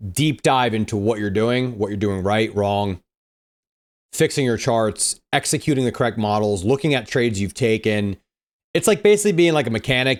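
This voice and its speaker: A young man hosting a live trading stream, explaining setups and reading chat in a laid-back, slangy way. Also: medium pitch. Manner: laid-back, slangy, says bro and dude. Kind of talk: casual live-stream teaching.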